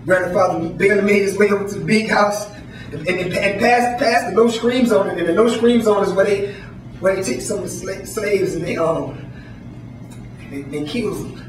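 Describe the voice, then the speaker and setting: Halting storyteller man, echoey far mic. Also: high voice, slight background noise. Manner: halting, many ums and restarts, laughs nervously. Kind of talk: live spoken-word storytelling. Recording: echoey room, distant mic.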